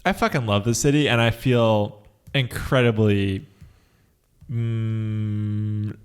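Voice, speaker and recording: A man's voice: lowish voice, takes it slowly, smooth. Young New man, casual and profane. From New York City. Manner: animated, profane, rambling. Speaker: podcast co-host. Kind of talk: casual chat.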